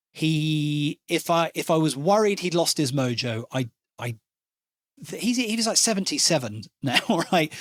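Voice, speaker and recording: A man hosting a casual film podcast, animated and excitable, swearing now and then. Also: fairly high pitch, dry recording, studio quality. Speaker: podcast host. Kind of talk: casual chat.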